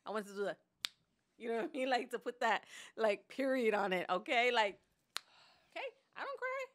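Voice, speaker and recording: A woman co-hosting a podcast in casual chat, talking in an animated, expressive way and laughing often as she tells stories. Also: on the high side, fairly quick. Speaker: podcast co-host.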